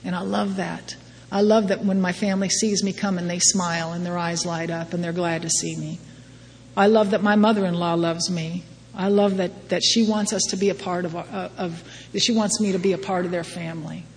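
A woman's voice: on the low side, fairly even intonation, a little fast. A middle-aged woman giving a personal testimony talk at a recovery meeting, wry and self-deprecating, often laughing at herself. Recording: long hall reverb, faint background noise.

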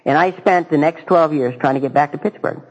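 A man giving a halting, earnest personal testimony to a recovery group, with dry self-mocking humor. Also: a little high, dull audio. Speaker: speaker sharing his recovery story.

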